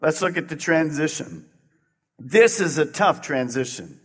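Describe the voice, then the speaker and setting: A man preaching a sermon as pastor, swinging between loud emphatic peaks and quiet, low passages. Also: expressive, a little slow, slightly rough. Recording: long hall reverb.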